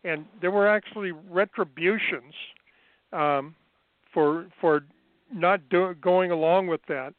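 A man as an interview guest, recounting his past in an unhurried, measured way with frequent fillers, heard over a phone line. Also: sits high, no room sound. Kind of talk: remote interview, recounting experiences.

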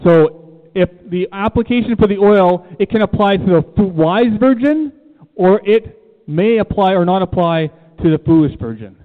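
This is a man preaching in a church room, his high voice lively in intonation and moderate in pace. He stresses and repeats key phrases and asks listeners questions. Audio is tinny and phone-like, with long reverb.

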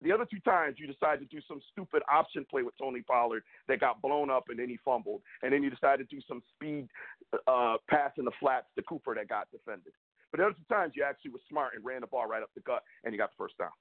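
A mid-range, steady-toned man talks fast as he hosts a sports show, venting in a heated rant. Emphatic and rambling, he repeats himself often, recorded with phone-like narrow audio.

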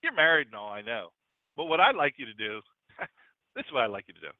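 A man voicing God as a gently coaxing male figure, over a dry, tinny radio broadcast line. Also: medium pitch, big pitch swings, a little fast, no room sound, pitched below the performer's own voice, lightly acted.

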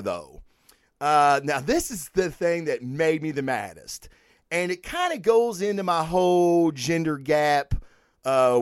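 The sound is clean studio audio without echo, taken from a microphone and camera. On it, a middle-aged comic book vlog host with a fairly high voice rants bluntly, cursing freely in lively, casual commentary.

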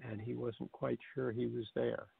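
A middle-aged man, a stage actor, telling stories in a halting, measured way with frequent restarts. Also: mid-range voice, flat delivery, creaky, slightly rough. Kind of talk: casual interview chat. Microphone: video call. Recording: dry, tinny online call audio.

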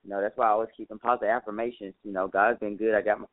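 This show host talks very fast in a lowish, level voice, keeping his monologue casual and folksy while calling listeners honey, a bit tired all the while. No room sound is present, and the dry audio has a tinny, phone-like quality.

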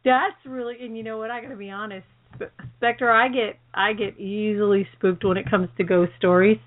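An excitable, chatty woman co-hosts a call-in radio show and laughs easily as she talks. Her voice comes through a narrow, phone-like line that strips away the lows and highs. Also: moderate pace. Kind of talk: casual chat. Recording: phone-like band-limited audio.

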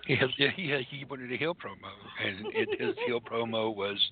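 A man's voice: medium pitch, very animated, normal speed, crowd noise. Stammering, exasperated man on a phone line. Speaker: radio show co-host. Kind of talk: comedic mock interview. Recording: tinny phone-like lo-fi recording.

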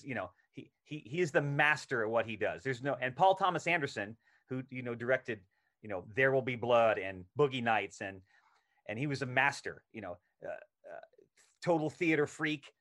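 Animated man telling a story. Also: mid-range voice. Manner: animated anecdote telling, acts out quoted lines. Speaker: actor as podcast guest. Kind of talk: casual storytelling interview.

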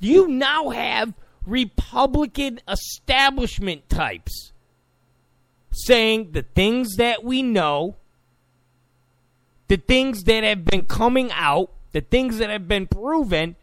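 A man's voice: high voice, lively intonation, slow pace, fairly bright tone, dry recording. A man delivering a combative, sarcastic political monologue, repeating points for emphasis. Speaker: political commentator. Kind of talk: opinionated monologue.

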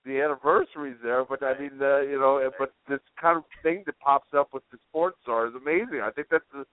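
A man co-hosting a comedy talk show in casual chat, rambling with many halting fillers. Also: mid-range voice, no echo. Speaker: radio co-host. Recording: dry phone-like audio.

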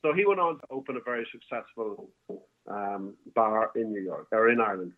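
A man's voice: fairly low pitch, lively intonation, brisk. Man telling a story over a tinny phone line. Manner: rambling, with many restarts and fillers. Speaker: bar owner guest. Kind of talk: casual storytelling. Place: home, calling in by phone.

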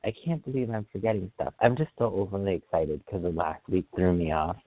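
Podcast host, male, very low voice, excitable rambler, dry thin phone-line audio. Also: dry recording. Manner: excitable, rambling, quick to apologize. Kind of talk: casual solo podcast chat.

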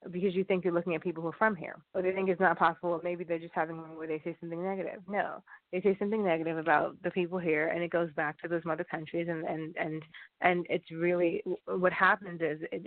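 A man delivers a loose, rambling monologue, circling back and restarting his sentences. His voice sits a bit high. The sound is dry and tinny, like it came through a phone. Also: little pitch movement, fast, no room sound. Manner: rambling, repeats and restarts often. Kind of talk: casual monologue.

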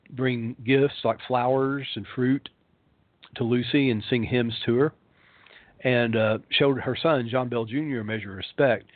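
A man's voice: medium pitch, dry recording. A male pastor, telling a ghost story in a rambling way, full of ums and uhs, heard over a phone line. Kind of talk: storytelling on a talk show.

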